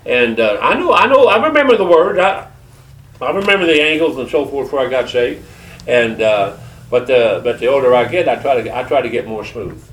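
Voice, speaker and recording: An older man with a Southern Georgia accent preaching a testimony sermon, telling stories in a folksy, halting way with many fillers. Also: medium pitch, expressive, fairly bright tone, a little hiss or hum. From Detroit. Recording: echoey room from far off.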